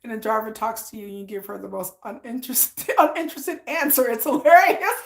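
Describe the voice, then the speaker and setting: A woman's voice: a little high, brisk. A woman from Texas chatting casually on a livestream, telling stories and acting out voices. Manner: animated storytelling, acts out voices. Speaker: livestream host. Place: home room with ring lights.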